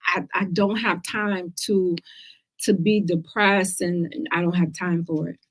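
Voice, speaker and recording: Direct, lively woman talk host, lower voice. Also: a little slow. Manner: lively, direct, speaks to listeners as girl and y'all. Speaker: host of a cancer survivor talk show. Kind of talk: casual livestream talk to viewers.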